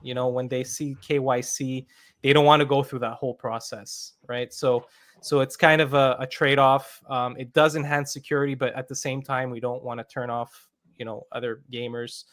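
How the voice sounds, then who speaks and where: In a live interview, a man who founded a game explains it in a medium-pitched, slightly bright voice with little pitch movement and a moderate pace. His answers are full of fillers and restarts.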